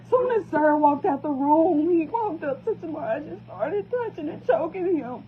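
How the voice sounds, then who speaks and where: A woman's voice: sits high, expressive, moderate pace, few pauses, a little hiss or hum. A distraught mother speaking to camera, pleading and repeating herself. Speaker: parent. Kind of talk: emotional phone vlog. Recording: tinny phone-quality recording.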